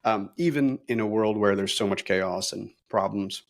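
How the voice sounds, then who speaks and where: A middle-aged man talking as an interview guest, energetic and optimistic, with many fillers and restarts. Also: on the low side, normal speed, gravelly. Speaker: brokerage leader, interview guest. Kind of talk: casual interview talk.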